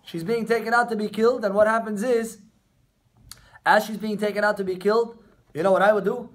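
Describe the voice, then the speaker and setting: A man's voice: high-pitched, steady tone, a little fast. A man, a rabbi, giving an informal class to a small group of students, talking conversationally and turning to them directly. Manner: conversational, addresses students directly, acts out quotes. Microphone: camera recording the class.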